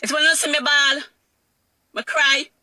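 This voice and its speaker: A woman's voice: sits high, little pitch movement, bright, forceful tone. Emotional Jamaican woman telling her story. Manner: raw and emotional, repeats phrases, slows when hurt. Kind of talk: emotional personal testimony.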